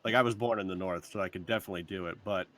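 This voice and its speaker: A man in casual chat as a player in a tabletop game, joking and halting. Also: sits low, a bit bright, no echo.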